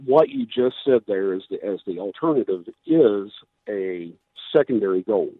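A man's voice: fairly low pitch, lively intonation, normal speed, no echo. A man, a candidate for governor, making his case emphatically in a radio interview while losing his voice. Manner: emphatic, persuasive, with many restarts. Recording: tinny phone line, dry.

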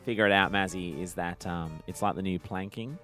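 A man's voice: deep voice, brisk, sharp tone. A man with an Australian accent co-hosting a radio show, joking playfully and reading out facts, with faint music behind. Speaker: radio co-host. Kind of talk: casual radio banter.

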